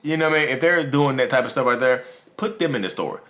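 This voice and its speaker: A YouTube host talks about narcissism on his own channel, speaking casually to the camera with a mid-range voice, a fast delivery and a fairly bright tone. He repeats himself a lot and calls his viewers "y'all."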